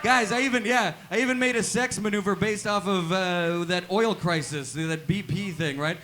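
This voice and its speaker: In a small live venue, a man performs a stand-up comedy set of deadpan one-liners, tagging nearly every line with "right?". He speaks at normal speed in a high-pitched voice.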